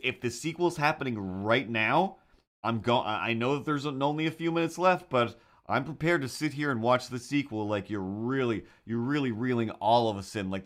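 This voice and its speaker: Rambling, excitable man on a livestream. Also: medium pitch. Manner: rambling, excitable, with frequent fillers. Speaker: livestream host and cartoonist. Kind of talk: casual livestream chat.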